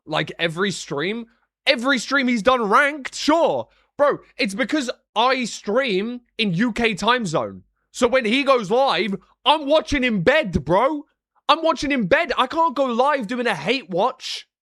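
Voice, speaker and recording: A young British man chatting casually on a live stream, joking and sarcastic, with quick swings in energy. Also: extremely high pitch, animated, a bit bright, no echo, clean studio sound. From Britain. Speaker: streamer and analyst.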